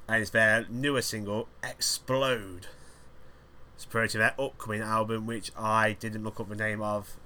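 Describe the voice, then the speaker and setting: A man's voice: fairly low pitch, sharp tone. A man hosting a podcast alone, rambling through crude, jokey banter in a casual chat. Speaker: podcast host.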